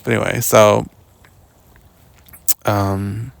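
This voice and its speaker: A young adult podcast host telling a long personal story outdoors in a rambling, casual way, full of "like" and "um". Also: male voice, lowish voice, flat delivery, extremely slow, vocal fry, no room sound. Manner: rambling, lots of "like" and "um", mimics others in quotes. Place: outdoors walking in the woods.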